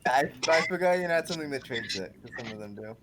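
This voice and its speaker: A man's voice: mid-range voice, expressive, fast talker, a bit bright. A young man playing a tabletop game, thinking aloud and checking rules mid-sentence. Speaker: player. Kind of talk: casual tabletop play.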